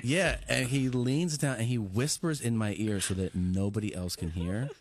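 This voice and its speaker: A man, a comedian guest on a talk show, telling a story animatedly in a quick flow of quoted dialogue. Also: mid-range voice.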